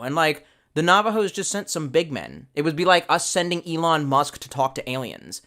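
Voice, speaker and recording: With a voice on the high side, very animated and sharp, this livestream host talks at a moderate pace with few pauses. He goes through viewer comments in a rambling, profane way, constantly interrupting himself and starting over.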